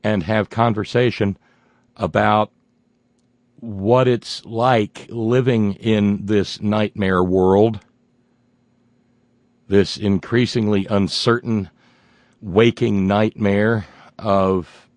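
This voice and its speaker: A man hosting a political talk radio show, sardonic and folksy, reading listener messages and breaking into loud exclamations. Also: fairly low pitch, steady tone, drawn-out words, pauses often, no echo.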